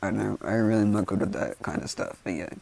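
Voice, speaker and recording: Casual male storyteller, low gravelly voice, loose and rambling delivery. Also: fast, darkish tone. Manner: rambling, many fillers like "like" and "you know". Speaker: fan storyteller. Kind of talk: casual improvised fan-fiction narration. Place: indoors with rain outside.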